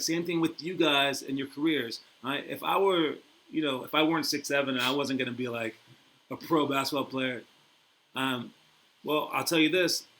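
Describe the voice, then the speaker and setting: A man's voice: medium pitch, pushed and bright. A young adult man hosting a basketball show, rambling and motivational, teasing his guest and laughing easily. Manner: rambling, repeats "all right?" often. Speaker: basketball program host and coach. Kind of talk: casual motivational talk and interview.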